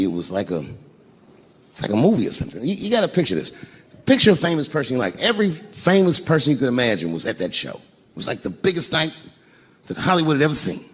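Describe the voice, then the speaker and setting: An older man telling a profane stand-up story on an arena stage, acting out the voices of the people in it. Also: medium pitch. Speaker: stand-up comedian. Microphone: handheld stage mic. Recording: live arena recording with crowd noise. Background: audience laughter.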